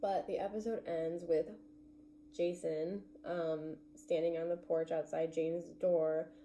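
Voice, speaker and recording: A woman recaps a TV episode in a loose, gushing chat, filling her sentences with "like". Her voice sits fairly low and sounds very dark and mellow. A faint hum runs underneath. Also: little pitch movement, slow. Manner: chatty, gushing, heavy use of "like". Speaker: TV recap vlogger.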